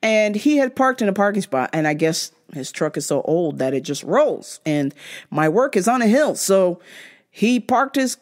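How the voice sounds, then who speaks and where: Young adult woman, podcast host, profane exasperated storyteller, very lively pitch. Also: moderate pace. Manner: animated, mimics others in high-pitched voices. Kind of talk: ranting storytime.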